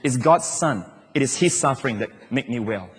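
A male pastor preaching a sermon to a church, dropping at times into soft, slow, hushed repetitions. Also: medium pitch, animated, husky. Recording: long reverb of a large hall.

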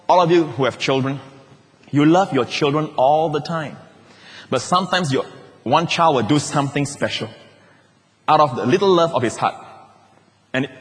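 A male pastor delivering a sermon, swinging from emphatic peaks down to hushed, quiet drops. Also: medium pitch. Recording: hall reverb.

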